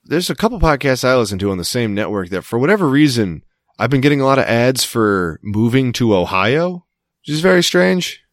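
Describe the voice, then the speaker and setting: A man's voice: medium pitch, animated, a little fast, dry recording, studio quality. A man co-hosting a podcast, rambling and joking in casual chat, swearing now and then. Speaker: podcast co-host.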